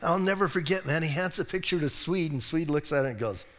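Animated American pastor in a reverberant hall. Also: male voice, on the high side, brisk. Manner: animated storytelling with jokes and asides. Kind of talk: sermon. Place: church sanctuary.

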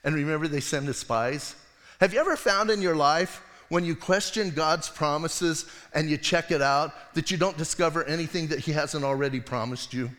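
Man, pastor, sermon, conversational, somewhat high pitch, acts out voices, long hall reverb. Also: moderate pace, fairly bright tone. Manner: casual conversational preaching, acts out voices in stories.

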